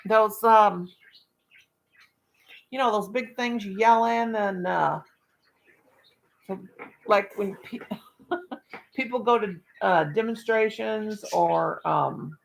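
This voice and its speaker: A woman hosts a live stream from her country home through a webcam, her voice heavy with gravel and fry. She talks in a rambling, folksy way, tossing in jokes as she goes. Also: mid-range voice, takes it slowly, pauses often, a little hiss or hum. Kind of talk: casual live-stream chat.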